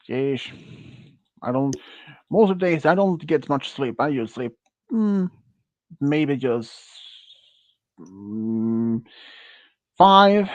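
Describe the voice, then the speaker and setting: A man's voice: medium pitch, no echo. Rambling Swedish-accented man, muffled mic. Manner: rambling, halting, self-correcting, laughs often. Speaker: streamer. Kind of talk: casual chat with friends. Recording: muffled dry close mic.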